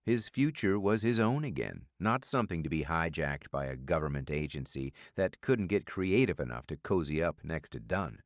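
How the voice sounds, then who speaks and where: A man reading a thriller audiobook in a steady, measured scripted narration. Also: extremely low pitch, no room sound, clean studio sound.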